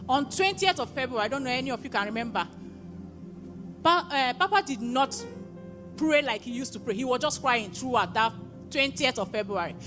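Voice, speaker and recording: High-voiced woman giving church testimony. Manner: emotional, often rising to excited exclamations. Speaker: testifier at a prayer conference. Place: live church gathering. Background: music playing.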